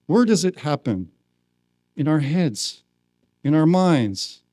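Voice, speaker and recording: A man speaking at a spiritual retreat, telling a personal story slowly and acting out the quoted lines. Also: a little high, a little mellow, no echo. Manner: slow, acts out quoted lines. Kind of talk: storytelling talk. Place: retreat hall.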